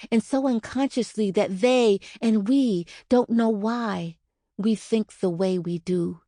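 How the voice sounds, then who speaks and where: A woman narrating her own nonfiction audiobook in a measured, earnest reading on a close studio mic. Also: mid-range voice, warm tone, dry recording.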